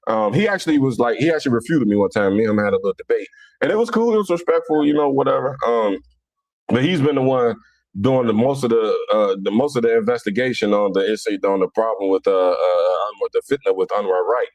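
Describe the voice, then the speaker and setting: A man from Cincinnati with a Southern-leaning accent, talking in a casual, animated monologue full of stammered restarts. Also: mid-range voice, quick pace. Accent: Cincinnati, Southern-leaning American. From Cincinnati, Ohio, USA. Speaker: Islamic commentator.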